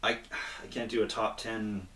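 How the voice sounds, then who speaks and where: A man's voice: fairly low pitch, moderate pace. Casual man retelling a comic, roomy. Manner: animated retelling, acts out character lines. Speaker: comic review co-host. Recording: roomy, distant mic with faint noise.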